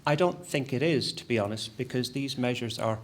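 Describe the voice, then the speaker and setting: A man giving a conference presentation as an academic, lively and self-deprecating, with frequent restarts. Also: medium pitch, brisk.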